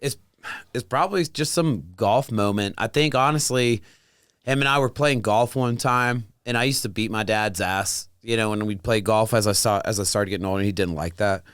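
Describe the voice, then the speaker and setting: A man's voice: lowish voice, moderate pace, a bit bright, smooth, dry recording, studio quality. A young man with a Southern American accent, a comedian co-hosting a podcast, joking around and laughing, cursing freely. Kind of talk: casual chat.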